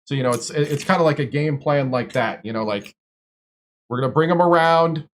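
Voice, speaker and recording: A streamer from Wisconsin tells long, rambling stories in casual chat, packed with fillers and restarts. His voice is a little high and he talks briskly.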